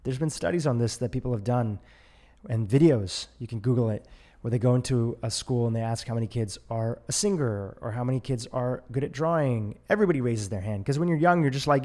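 A man's voice: medium pitch, a little fast, darkish tone. A man hosting his own podcast, talking casually in a solo monologue, correcting himself as he goes and getting livelier when he acts out inner doubts. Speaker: podcast host.

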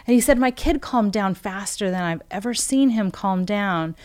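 A woman's voice: medium pitch, normal speed, a little mellow. A woman who coaches parents, telling a long story in an interview and acting out the quoted conversations with frequent "um" and "like.".

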